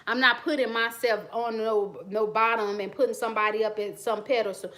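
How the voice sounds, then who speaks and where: A woman's voice: on the high side, fairly even intonation, brisk, a bit bright. Blunt, outspoken woman host. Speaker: channel host. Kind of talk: casual talk to camera.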